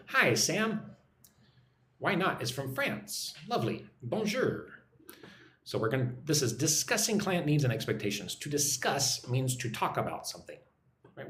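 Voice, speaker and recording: A man's voice: mid-range voice, fairly bright tone, roomy sound, a little hiss or hum. A man from the United States teaching business English on a live stream, reading out viewer messages and tagging phrases with "right?". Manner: repeats "right?" after phrases, reads chat messages aloud. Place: room in Vietnam.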